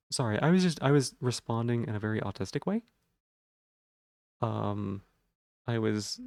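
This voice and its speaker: A man's voice: mid-range voice, creaky, a little mellow, no room sound, clean studio sound. A man livestreaming, casually reading out viewers' messages and answering them in a rambling way.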